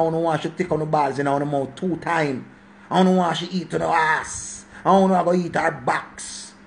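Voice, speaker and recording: A channel host from Jamaica, a man in his forties with a voice high for a man, holds forth in a casual, preachy rant. He is emphatic and says each point again to hammer it in, and a little hiss or hum can be heard.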